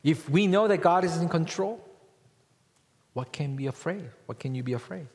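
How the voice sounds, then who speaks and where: A male pastor preaches in a church, and his words ring out with a long hall reverb. He swings between loud, emphatic lines and quiet, low-voiced asides, and he keeps asking the congregation rhetorical questions. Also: lively intonation, moderate pace. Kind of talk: sermon.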